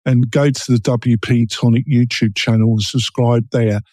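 A man's voice: medium pitch, fairly even intonation, moderate pace, darkish tone, no room sound. A man with an East London and Essex English accent hosting a casual podcast interview, chatty and full of ums and self-interruptions. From England. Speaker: podcast host.

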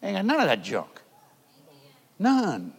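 Fervent high-pitched preacher man. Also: wildly swooping pitch, slow pace, vocal fry, slightly rough, long reverb tail. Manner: fervent, shouting peaks, folksy grammar. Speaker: televangelist preacher. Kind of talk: televised sermon.

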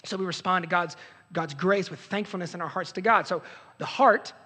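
A young adult man preaching a sermon as pastor, earnest, swinging from loud outbursts to hushed lows. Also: fairly quick, slightly rough. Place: church sanctuary. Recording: hall reverb.

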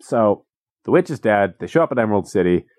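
Man, podcast co-host: wry, rambling, low-ish voice with a lively pitch range, dry close mic. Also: a little fast, no room sound. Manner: rambling, wry, acts out quotes. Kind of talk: casual movie recap chat.

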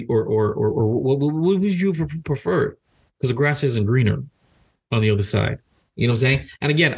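Gravelly, husky man talking animatedly. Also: mid-range voice. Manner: animated, repeats words, acts out quoted speech. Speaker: podcast host. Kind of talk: casual podcast talk.

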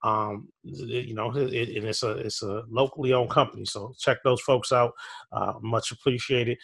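A man's voice: medium pitch, normal speed, gravelly. A man co-hosting a podcast, ranting with mock fury in casual chat. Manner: animated, mock-furious ranting. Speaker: podcast co-host.

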